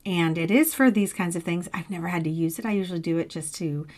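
A middle-aged woman co-hosting a podcast, telling a story in a casual, animated way, laughing often and swearing freely. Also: fairly low pitch, fast.

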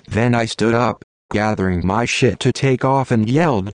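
A man giving a plain, steady first-person audiobook narration of literary fiction. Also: medium pitch, normal speed, few pauses, dry recording.

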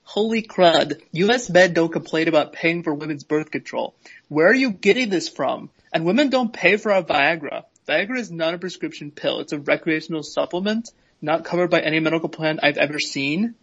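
Dry, skeptical voice on a dull, husky recording. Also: mid-range voice, brisk, fairly bright tone. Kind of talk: casual podcast chat.

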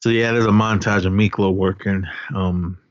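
A man's voice: low voice, fairly even intonation, moderate pace, no room sound. A man casually recapping a film on a podcast, rambling and acting out the characters' lines. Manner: rambling retelling with acted-out quotes. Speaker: podcast co-host. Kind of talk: casual movie recap chat. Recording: dull lo-fi audio.

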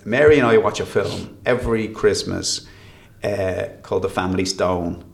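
A man's voice: deep voice, normal speed, creaky. An Irish man chatting as a guest, rambling and often restarting his sentences. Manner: rambling, self-interrupting storyteller. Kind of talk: casual chat. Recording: roomy echo.

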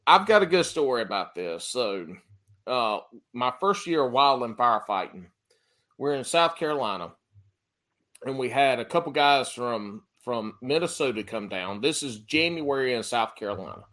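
A man hosting a casual chat, telling stories in an animated, joking way and swearing freely. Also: medium pitch, normal speed. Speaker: podcast host.

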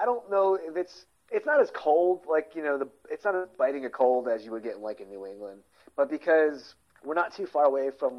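Rambling man on a lo-fi line. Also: medium pitch. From Philadelphia area, USA. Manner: rambling, hesitant, full of restarts. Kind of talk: casual chat. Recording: dull lo-fi sound.

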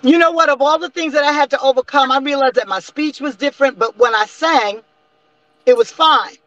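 A woman in her sixties, a singer and interview guest, telling stories in a lively way with laughs and restarts over a remote call. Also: sits high, brisk, dry recording, dull audio. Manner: animated storyteller with frequent laughs and restarts. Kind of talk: casual interview storytelling.

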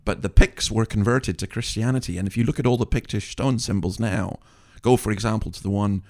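A man's voice: on the low side, steady tone, brisk, a little mellow. A man in his sixties hosting a podcast, giving an indignant, wry commentary full of asides. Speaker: podcast host. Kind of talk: opinionated commentary monologue.

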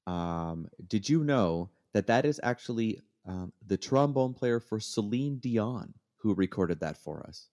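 A man's voice: on the low side, lively intonation, measured pace, few pauses, darkish tone. A man co-hosting a podcast in casual chat, playful and hesitant, with many ums and restarts. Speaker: podcast co-host telling dad jokes.

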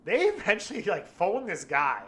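A man's voice: sits high, wildly swooping pitch, normal speed, fairly bright tone. A man in a casual chat, telling a story with constant swearing and acted-out quotes.

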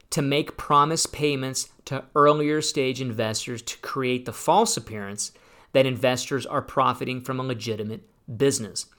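Guy in his 40s hosting a retirement money show, gets worked up, sarcastic, middle pitch. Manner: animated, gets fired up, sarcastic asides. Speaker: retirement planning radio host. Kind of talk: casual solo talk show.

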